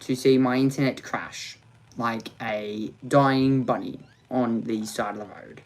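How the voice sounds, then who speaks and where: A man hosts a live racing watch-along and addresses his viewers directly. He speaks at an unhurried, drawn-out pace. His tone is dry and sarcastic, and he often drops into exasperated mutters. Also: mid-range voice, fairly even intonation. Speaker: motorsport watch-along host.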